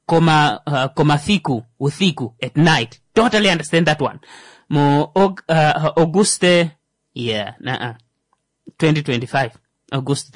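A man's voice: mid-range voice, no echo. A man with a Namibian accent hosting his own show, reading an article aloud with joking asides and stumbling over the words. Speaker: show host. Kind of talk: solo commentary reading a news article.

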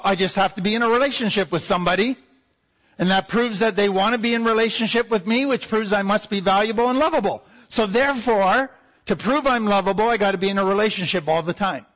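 A man, a therapist, giving an explanatory lecture, slowing down to stress key points. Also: high-pitched, fairly bright tone, low-quality recording. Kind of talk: teaching lecture.

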